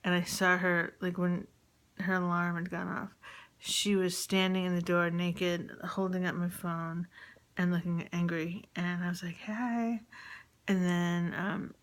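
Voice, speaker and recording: Softly hesitant woman, lowish voice. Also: monotone, measured pace, clean tone. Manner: hesitant, with many fillers, often dropping to a whisper. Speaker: mother recording a message to her partner. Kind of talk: casual spoken diary.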